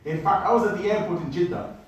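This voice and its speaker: A man telling a travel story to an audience in an animated way, speaking to them directly. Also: high-pitched, fast talker. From United Kingdom. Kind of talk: storytelling talk. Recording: echoey hall, mic at a distance.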